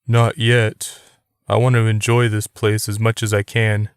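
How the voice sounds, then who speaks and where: A man's voice: fairly low pitch, flat delivery, a little slow, clear, resonant tone, no room sound, clean studio sound. A man reading the part of a bitter young man who speaks in a strained, barely controlled way. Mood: tense. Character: young man, tense, holding back rage.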